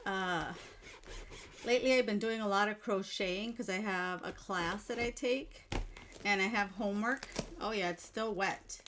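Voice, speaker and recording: A woman's voice: medium pitch, normal speed, noisy background. A woman vlogger chatting casually to her viewers while unboxing, gushing and exclaiming with delight, filmed in a bedroom at home. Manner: gushing, effusive, exclaims often. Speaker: jewelry-making vlogger. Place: home bedroom used as filming room.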